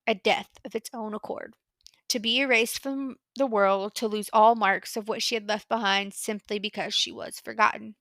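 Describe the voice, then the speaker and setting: A woman narrating a fan fiction audiobook in a measured, earnest storytelling voice. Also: mid-range voice, fairly bright tone, no room sound. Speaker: audiobook reader.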